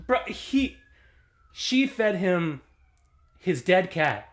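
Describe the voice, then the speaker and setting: A man giving a casual movie review, animated and slangy, laughing often as he talks. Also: high-pitched, very slow.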